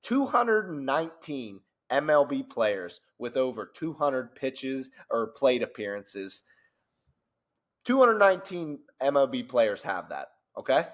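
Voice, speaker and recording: A man co-hosting a casual sports show, talking animatedly and growing louder as he rants. His voice sits at a middling pitch. The recording sounds dull and lo-fi. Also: slow pace. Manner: animated, gets loud and worked up. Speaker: podcast co-host.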